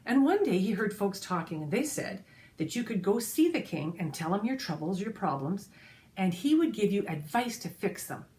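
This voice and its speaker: A woman storyteller tells a children's folk tale with lively expression. She speaks straight to her young listeners as she goes. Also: mid-range voice, moderate pace, a little hiss or hum. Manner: expressive, addresses listeners directly.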